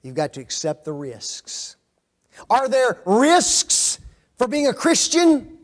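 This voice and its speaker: A high-pitched man leads a Bible study from the front, throwing questions at his listeners. He echoes their answers back and keeps checking in with "okay?" and "don't they?" as he teaches. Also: wildly swooping pitch, takes it slowly. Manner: asks the class questions and repeats their answers; often tags lines with "okay?" and "don't they?". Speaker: preacher teaching a Bible class. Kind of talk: interactive Bible study sermon.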